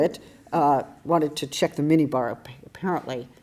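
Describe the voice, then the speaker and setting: A woman's voice: deep voice, normal speed, hardly any pauses, darkish tone. A woman giving an academic lecture, telling a personal story in a thoughtful, wry, self-deprecating way, with frequent restarts.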